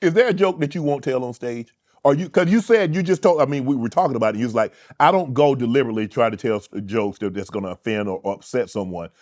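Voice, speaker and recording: A man's voice: mid-range voice, quick pace, darkish tone. A man hosting an interview, asking probing questions with frequent restarts. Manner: probing, stumbles on restarts, short backchannels. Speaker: host.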